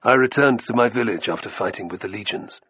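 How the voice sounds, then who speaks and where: A man's voice: fairly low pitch, quick pace, a bit bright, breathy edge, no room sound, highs cut off. A man voicing a proud, defiant enslaved gladiator in an audiobook reading, with short, terse, raised lines.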